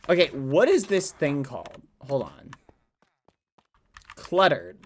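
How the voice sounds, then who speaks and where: A man streaming a game, chatting casually and excitably with his viewers and laughing often. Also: fairly high pitch, slow, a little hiss or hum. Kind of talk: casual live-stream chat.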